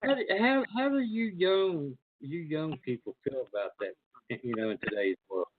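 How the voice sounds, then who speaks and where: A man's voice: on the high side, animated, normal speed, slight background noise. A man hosting a call-in show, asking conversational, probing questions. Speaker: host. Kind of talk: casual call-in chat. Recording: tinny phone line.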